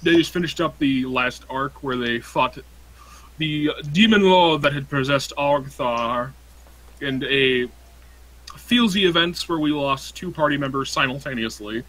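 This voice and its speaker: A young man running a tabletop game for his friends, with a bright, forceful voice at an ordinary pitch. He talks in a laid-back, joking way and curses freely while he recaps the campaign. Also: unhurried, no room sound, poor audio. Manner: laid-back, profane banter. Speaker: game master. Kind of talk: casual tabletop game narration.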